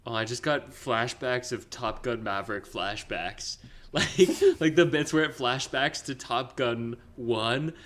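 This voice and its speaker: A young male podcast co-host in loose, casual film chat. His voice sits at an ordinary mid pitch, and he talks in a rambling, excited way that keeps stalling on fillers and restarting. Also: a little slow.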